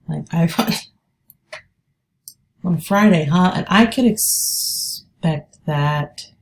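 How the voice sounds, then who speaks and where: A woman's voice: low voice, darkish tone, slight background noise. A woman day trader giving live trading commentary, thinking aloud and hesitant as she talks.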